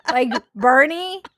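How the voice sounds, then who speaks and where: A woman's voice: sits high, bright, forceful tone, dry recording, studio quality. A woman in her thirties hosting a comedic chat, sarcastic and laughing often. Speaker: host.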